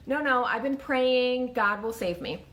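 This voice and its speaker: A man's voice: very high voice, a little slow, bright, forceful tone, exaggerated voice. Stubborn devout pastor, insistent; woman narrator doing him. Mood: stubbornly calm. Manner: insistent, then aggrieved.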